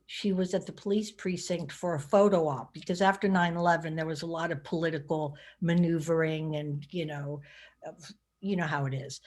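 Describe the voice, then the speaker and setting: Low-voiced woman telling a story. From California. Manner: conversational, vivid anecdotes with many fillers. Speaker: guest speaker, author. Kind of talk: storytelling talk.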